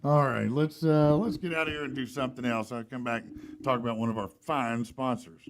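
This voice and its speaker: A man hosting a podcast, telling a story in a casual, animated way and reading ads for sponsors. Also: medium pitch, fairly quick, slight background noise. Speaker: podcast host. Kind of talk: casual storytelling and live ad read.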